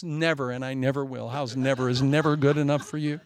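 Gravelly animated preacher in his forties. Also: mid-range voice, a little fast. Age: 40s. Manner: animated, joking, self-mocking asides. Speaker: pastor. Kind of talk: sermon.

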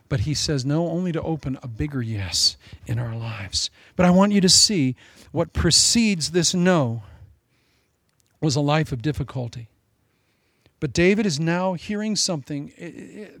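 A man preaching a sermon with passion, drawing out his phrases and dropping from loud emphasis to hushed whispers. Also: on the high side, no echo. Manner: drawn-out, deliberate phrasing.

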